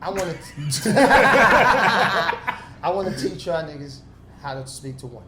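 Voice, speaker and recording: Podcast guest: a man with a slightly high voice, animated storyteller, in a roomy room with faint noise. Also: slow, crowd noise. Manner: animated storytelling, acts out his own lines. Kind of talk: casual podcast banter.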